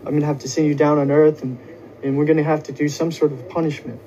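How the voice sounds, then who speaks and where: A stern, aged father god, as a man puts him on, dismayed and scolding his son. The voice sits a touch high yet mellow and dark in tone. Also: level tone, fast, lo-fi sound, a little hiss or hum, lightly acted. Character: disappointed almighty father god, stern and old.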